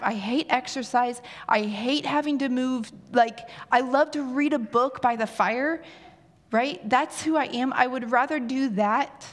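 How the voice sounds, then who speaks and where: A woman in her forties preaching a sermon, candid and self-deprecating, telling personal stories with animation. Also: mid-range voice.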